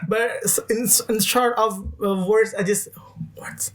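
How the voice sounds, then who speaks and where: A man's voice: high voice, steady tone, measured pace, fairly bright tone. A young Indonesian man hosting a campus podcast in hesitant English with an Indonesian accent, searching for words. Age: young adult. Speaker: podcast host. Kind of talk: casual interview chat.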